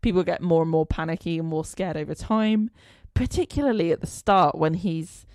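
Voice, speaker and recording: A woman co-hosting a podcast in casual chat, acting out movie scenes with loud exclamations. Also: lowish voice, moderate pace, no echo, studio quality. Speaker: podcast co-host.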